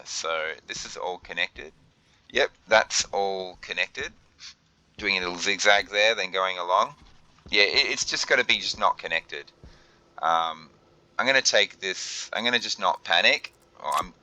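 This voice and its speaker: Flustered deep-voiced man narrating gameplay. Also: bright, forceful tone, low-quality recording. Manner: flustered, thinks aloud with many fillers and restarts. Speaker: gaming video host. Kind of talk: let's play commentary.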